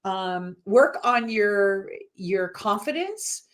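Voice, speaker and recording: A woman hosting a relaxed interview, upbeat and giggly, firing off quick quiz questions. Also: medium pitch. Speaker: host. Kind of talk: casual interview chat.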